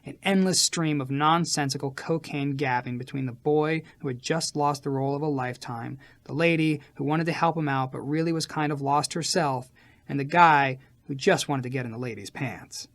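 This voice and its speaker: A man reading a first-person memoir as an audiobook narrator, animated, with sharp swings in loudness from line to line. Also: fairly high pitch, moderate pace.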